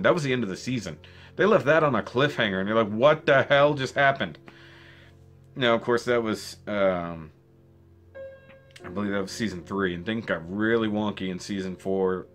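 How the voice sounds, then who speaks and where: Excitable rambling man with a lowish voice. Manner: rambling and excitable, with restarts and rhetorical questions. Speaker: video reviewer. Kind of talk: casual spoken review.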